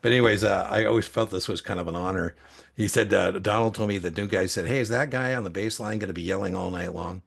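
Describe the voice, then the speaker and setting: Middle-aged guy with a gravelly husky voice, rambling through stories, lots of uhs and restarts. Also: low-pitched, quick pace. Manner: rambling anecdotes with many restarts and fillers. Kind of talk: casual storytelling.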